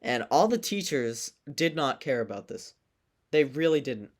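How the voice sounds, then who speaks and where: A man's voice: mid-range voice, a little slow. A teenage boy co-hosting a casual podcast, telling a school story with lots of laughter and acted-out quotes. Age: teens. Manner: animated, laughing, acts out quoted voices. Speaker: podcast co-host.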